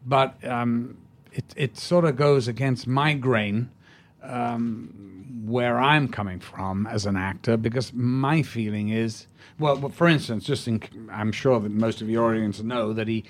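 Older man telling lively anecdotes. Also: mid-range voice, unhurried. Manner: animated storyteller, acts out quotes. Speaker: guest. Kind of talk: anecdotal interview chat.

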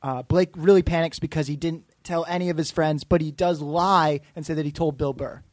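A man's voice: fairly high pitch, fairly even intonation, fairly quick, dry recording, clean studio sound. A man plainly explaining the setup for an improv comedy scene. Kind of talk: setting up an improv prompt.

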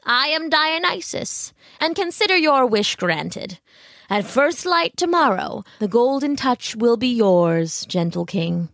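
A woman's voice: a little high, sing-song, takes it slowly, vocal fry, a bit bright, dry recording, clean studio sound, heavily acted. A woman voicing a grand, generous male god granting a wish.

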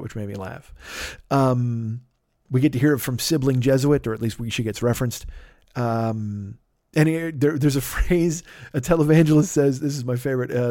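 A man's voice: medium pitch, brisk, dark tone, no room sound, studio quality. A man hosting a podcast, giving a rambling, profane sponsor plug in casual chat, often breaking off and restarting. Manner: rambling, profane, self-interrupting. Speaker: podcast host.

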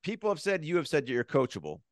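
A man's voice: a little high, huge pitch swings, quick pace, no echo, clean studio sound. A man hosting an interview, asking friendly, easygoing questions. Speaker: podcast host interviewer. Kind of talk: casual interview.

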